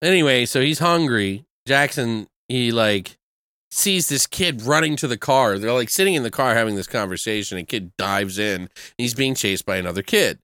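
A man's voice: mid-range voice, lively intonation, moderate pace, bright, forceful tone, smooth, no room sound, clean studio sound. A man in casual chat, animatedly recapping a movie plot with swearing, laughter and impressions of the characters.

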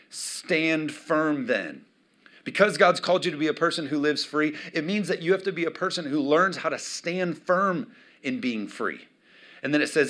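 Gravelly-voiced preacher man. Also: mid-range voice. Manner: emphatic preaching, swings between loud declarations and quiet asides. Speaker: pastor. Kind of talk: sermon.

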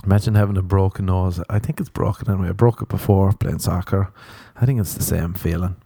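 A man's voice: low-pitched, steady tone, fast talker, gravelly, mellow, husky, no echo. A man hosting a podcast, telling rambling, profane, self-mocking stories in a casual comedic monologue. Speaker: podcast host.

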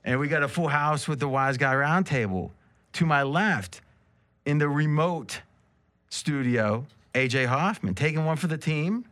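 A man's voice: on the high side, expressive, measured pace, fairly bright tone. A man hosting a casual sports betting talk show, joking and teasing his guests with rambling asides. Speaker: host.

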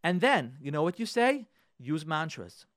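A man's voice: a little high, sing-song, measured pace, a bit bright, no room sound. A man hosting a radio advice show from a studio, lecturing listeners in an emphatic, repetitive way. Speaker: radio host giving marriage advice.

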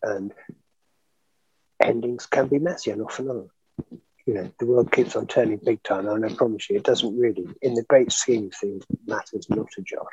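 An older actor reminiscing in an interview, telling animated stories with frequent laughter and fillers. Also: male voice, on the low side, normal speed, breathy edge, no echo, muffled recording. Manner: chatty, animated storyteller, laughs often, many fillers. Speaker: actor guest.

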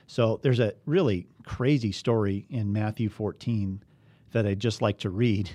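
A man's voice: on the low side, a little slow, dark tone, no echo. A man teaching a bible study, reading scripture aloud and asking his listeners earnest, emphatic questions.

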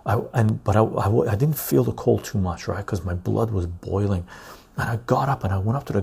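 Gravelly, husky man chatting on stream. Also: lowish voice, a little fast, warm tone. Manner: loose and chatty, reads the chat aloud, says "right?" often. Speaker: live stream host. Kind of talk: casual live stream chat with viewers.

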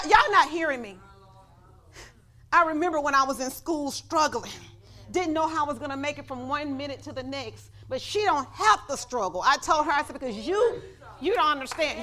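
Woman preacher in church, high voice, tells her story then gets loud and shouty. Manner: testifying, building to shouts. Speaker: pastor. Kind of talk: sermon.

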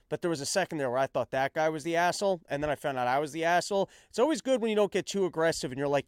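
A man's voice: on the high side, rapid-fire, hardly any pauses, smooth, no echo, studio quality. A man who is a stand-up comedian hosting his own show, talking in a casual, rambling, self-mocking monologue with stumbling restarts. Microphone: self-filmed on action camera.

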